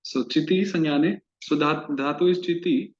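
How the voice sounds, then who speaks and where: In a recorded online Sanskrit grammar class, a man with a voice on the high side speaks at a moderate pace, going through the material step by step and repeating key terms. The lo-fi audio sounds dull.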